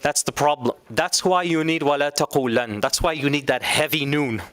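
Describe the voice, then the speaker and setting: Animated man lecturing a class. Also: a little high, rapid-fire, clean tone, no room sound. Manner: animated, asks the class questions. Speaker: teacher.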